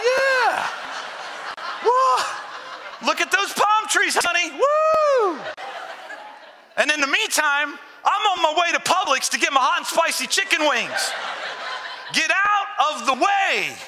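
A man preaching in a church sanctuary, his tone piercingly bright and sitting high for a male voice. He talks to the congregation casually and with humor, then leans into sincerity. A long hall reverb trails each phrase. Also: slight background noise. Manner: conversational, joking preacher who turns earnest. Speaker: pastor. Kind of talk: sermon.

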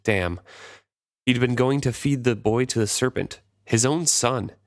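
A man co-hosting a book podcast, reading passages aloud and talking them over in a relaxed way. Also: medium pitch, unhurried, no echo, studio quality. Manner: relaxed, thinks aloud with restarts. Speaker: podcast co-host. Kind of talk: casual book discussion and read-aloud.

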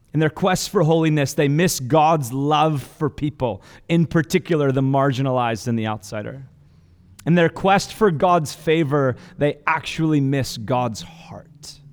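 A man's voice: on the high side, darkish tone. A man preaching a sermon as pastor, earnest and conversational, with casual asides and restarts. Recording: long hall reverb.

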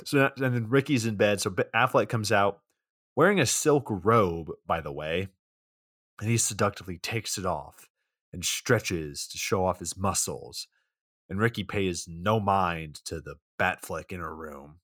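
A man's voice: deep voice, a little slow, a bit bright, no echo, clean studio sound. A man co-hosting a podcast in casual chat, recapping a movie scene by scene and acting out quoted lines. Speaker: podcast co-host.

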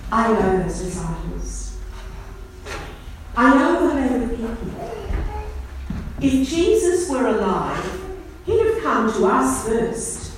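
A woman preacher speaking as a grieving, then joyful woman disciple at the empty tomb, telling it slowly and earnestly in the first person. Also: fairly high pitch, sing-song, a little hiss or hum. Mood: resolute. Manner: slow, earnest storytelling. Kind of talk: first-person dramatic sermon monologue. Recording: echoey hall from far off.

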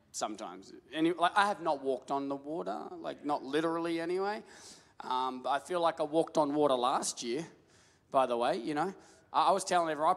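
A male pastor preaching a sermon, building to shouts and calling on the crowd to answer back. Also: on the high side. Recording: long hall reverb.

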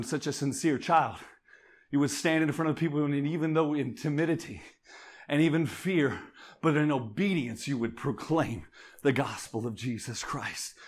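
Fervent preacher, fairly high voice. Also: male voice. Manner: call-and-response preaching, rising to fervent shouts. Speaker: pastor. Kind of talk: sermon.

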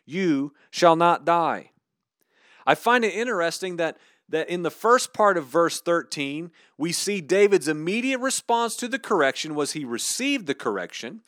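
A man's voice: sits high, big pitch swings, moderate pace, fairly bright tone, no echo, studio quality. A man hosting a podcast, teaching through a Bible passage in a casual, conversational way with slangy asides. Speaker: podcast host.

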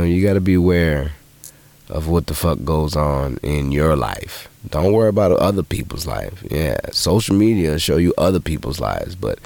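A man hosting a podcast who tells profane, animated stories in casual monologue and jumps into high voices when he quotes people. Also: gravelly, dry recording. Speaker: podcast host.

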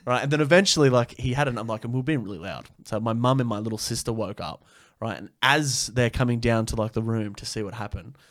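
A man's voice: mid-range voice, fast talker, fairly bright tone, no room sound, studio quality. A young man telling a story in casual chat, full of swearing and filler words.

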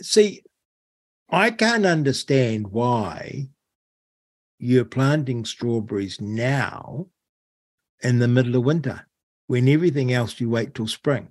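A New man hosts a radio chat, asking questions and reacting with quick, curious interjections. His voice is mid-pitched and sounds dry and close to the mic. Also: animated, a little mellow, no room sound. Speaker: radio host.

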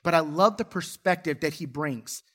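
Man, pastor, high voice, earnest sermon, acts out voices in his story. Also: moderate pace, sharp tone. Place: church sanctuary.

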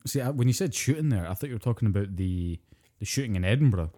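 A man's voice: fairly low pitch, animated, fast talker, warm tone. A British man co-hosting a podcast, chatting casually, swearing freely and cracking jokes with easy laughter. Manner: profane, jokey, laughs easily. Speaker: podcast co-host. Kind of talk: casual chat.

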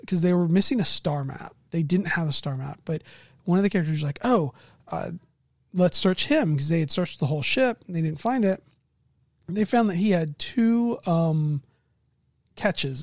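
Woman, game master, casual chat, low mellow voice, dry close sound, animated storyteller. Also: no echo. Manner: animated storyteller, laughs often. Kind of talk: casual chat recounting a tabletop game session.

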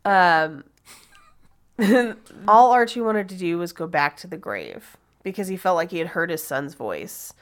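A woman's voice: fairly low pitch, big pitch swings, unhurried. A woman podcast host telling a true-crime story in a casual, chatty way, laughing and swearing now and then.

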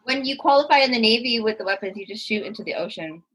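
A woman with a slightly high, husky voice co-hosts a casual chat. She teases the guest with quick banter. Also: animated, fairly bright tone, low-quality recording.

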